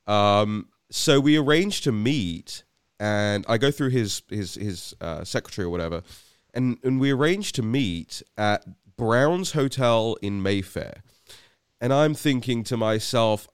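Speaking with a fairly low, unhurried voice, this West London man hosts a podcast and tells a story in British English. The casual anecdote wanders, pokes fun at himself, and restarts often. The tone is clean, the recording studio quality with no room sound.

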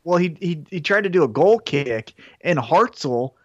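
A man's voice: a little high, animated, normal speed, no echo, muffled recording. A man, co-hosting a podcast and telling wry anecdotes in casual chat. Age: 30s. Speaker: podcast co-host.

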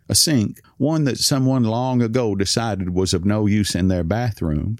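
A man narrating a story in a calm, measured reading. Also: sits low, no echo, clean studio sound. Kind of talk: scripted narration.

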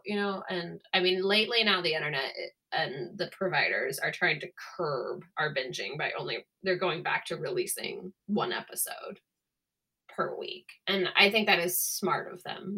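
Bright-voiced chatty woman podcaster. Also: fairly low pitch, husky. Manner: chatty, rambling storyteller. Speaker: podcast co-host. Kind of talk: casual chat.

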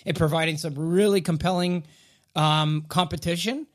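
An opinionated man co-hosting a casual podcast, talking in bursts with plenty of repeated words and restarts. His voice sits a little on the higher side. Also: fairly even intonation, moderate pace. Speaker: podcast co-host. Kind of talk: casual hockey podcast chat.

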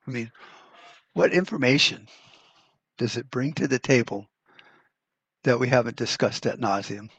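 A prepper podcast host rants casually, blunt and profane, rambling with many restarts. His husky, mid-range voice moves at a normal speed, and the recording is dry.

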